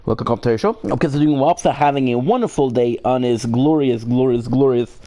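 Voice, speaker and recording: A man's voice: medium pitch, a little fast, mellow. A tired man streaming a video game live, chatting casually and rambling with lots of fillers and casual swearing. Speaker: gaming streamer. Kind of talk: casual live gameplay chat.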